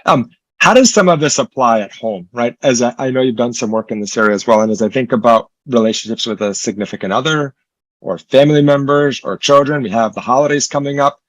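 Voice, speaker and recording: A man's voice: medium pitch, brisk, dry recording, poor audio. A man from Puerto Rico hosting an interview, asking thoughtful questions and tagging on "right?". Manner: thoughtful, frequent "right?" tags and restarts. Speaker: interview host. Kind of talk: conversational interview.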